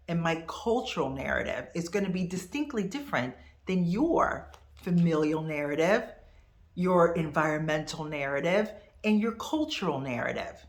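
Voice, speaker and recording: A woman in her fifties teaching to camera in a casual, expressive, conversational way. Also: on the low side, echoey room. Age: 50s. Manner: expressive, conversational, animated asides. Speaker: host.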